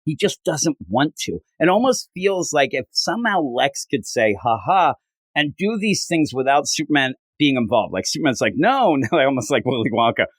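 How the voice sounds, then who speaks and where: A man's voice: moderate pace, few pauses, dry recording. A man casually recapping a comic on a podcast, acting out the characters' lines as he goes. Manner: animated retelling, acting out quotes with big pitch jumps. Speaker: podcast host. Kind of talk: casual comic book discussion.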